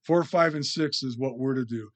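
A man's voice: medium pitch, normal speed. A man preaching a conversational sermon, often checking in with the listeners with "you know" and "right?".

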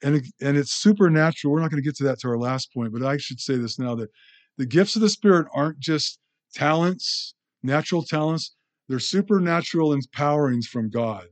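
A man's voice: medium pitch, a little mellow. A man teaching a sermon in a conversational way, often asking the audience questions. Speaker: pastor.

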